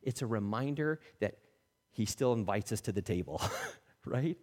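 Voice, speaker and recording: A man preaching a sermon as a pastor, animated, acting out the people he quotes and dropping to soft, intimate tones. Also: on the low side, normal speed. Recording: long reverb of a church hall.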